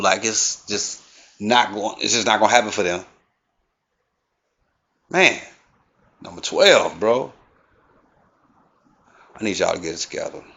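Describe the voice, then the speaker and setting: A man's voice: lowish voice, a bit bright. A man hosting a comedy video who lectures his listeners in a preachy, repetitive rant. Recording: dull lo-fi sound.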